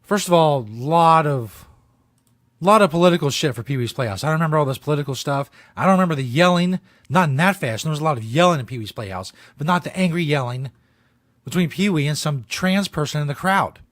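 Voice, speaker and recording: A man hosting a comedic show, ranting about a video in profane, deadpan mock outrage. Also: a little high, fast talker, no room sound, clean studio sound. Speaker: host.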